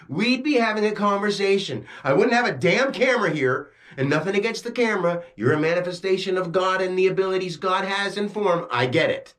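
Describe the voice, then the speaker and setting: Speaking fairly quickly with few pauses, this man has a high, expressive, fairly bright voice. He plays a self-styled spiritual teacher in a ranting monologue to camera, frustrated, preachy, and freely profane.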